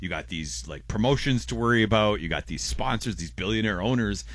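Rambling, laughing radio host. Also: male voice, lowish voice, animated, brisk, a bit bright. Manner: rambling, self-interrupting, laughs often. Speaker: radio co-host reading listener messages. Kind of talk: casual morning radio chat.

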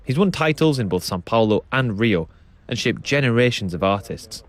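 A man presenting a radio documentary, narrating and describing what he sees in a calm, descriptive way. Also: mid-range voice, moderate pace. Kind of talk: documentary narration and on-site reporting.

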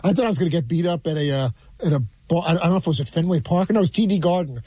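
Fast-talking rambling man from New York. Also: a little high, dark tone, breathy edge, no echo. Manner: rambling, halting with restarts. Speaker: regular on sports radio show. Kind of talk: casual storytelling.

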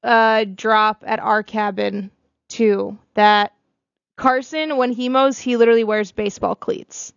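A woman co-hosting a radio show, brisk and matter-of-fact in banter and sponsor reads. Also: on the high side, fairly even intonation, vocal fry, dry recording, highs cut off. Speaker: radio co-host.

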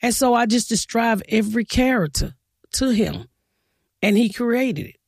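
A woman stand-up comedian talks bluntly through her stories, acting out her own side of old conversations. Her voice has a gravelly edge. The sound is close and dry. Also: on the high side, moderate pace, no room sound. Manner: blunt, storytelling, quotes herself in animated bursts. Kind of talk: casual interview talk.

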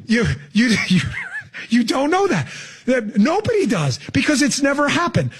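A man's voice: extremely high pitch, very animated, normal speed, breathy edge. A man hosting political talk radio, sarcastic and emphatic, mocking what he hears. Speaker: radio talk show host.

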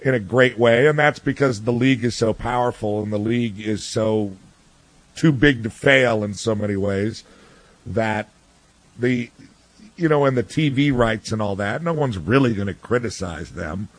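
A man's voice: fairly low pitch, normal speed. A man giving blunt, ranting sports opinions in casual talk, full of restarts and fillers. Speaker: sports commentator guest.

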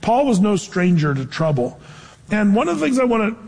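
A man's voice: high voice, big pitch swings, fairly quick, vocal fry. A man preaching a sermon in a conversational way, asking the crowd questions, with his voice ringing out in a large hall. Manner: conversational preaching, rhetorical questions, shifting loudness. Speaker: pastor. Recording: long hall reverb.

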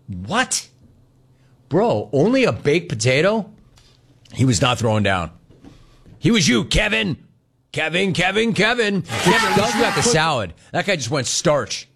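A man's voice: high voice, sing-song, a bit bright, breathy edge. A man hosting a talk radio show, telling a story in a brash, mocking way. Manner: brash, mocking, fast-riffing. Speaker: sports talk radio host. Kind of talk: casual chat, storytelling.

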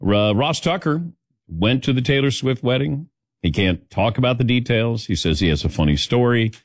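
A man's voice: mid-range voice, lively intonation, moderate pace, no echo, studio quality. A middle-aged man hosting a sports talk show, joking with his crew, laughing often and calling on them by name. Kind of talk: casual studio banter.

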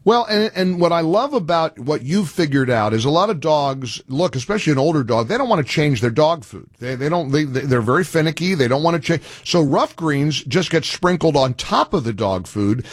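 A man's voice: fairly high pitch, lively intonation, normal speed, few pauses, dry recording, studio quality. A male radio talk show host making an earnest, pleading appeal, often restarting his sentences.

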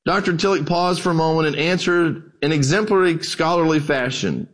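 Storytelling male pastor, slightly higher voice. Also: moderate pace, hardly any pauses, poor audio. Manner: conversational, folksy, animated storyteller. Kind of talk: sermon storytelling.

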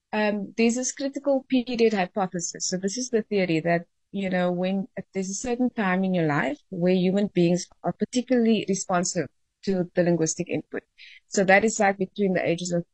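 A woman's voice: lowish voice, darkish tone, no room sound. A woman, a linguistics academic, explaining things in a friendly way as a radio guest. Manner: friendly, explanatory, laughs easily. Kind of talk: radio interview.

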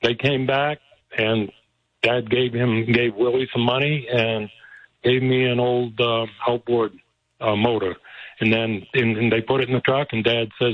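A man's voice: medium pitch, little pitch movement, a little slow, no echo, narrow, tinny audio. An older man telling a personal story as a guest, often chuckling as he talks.

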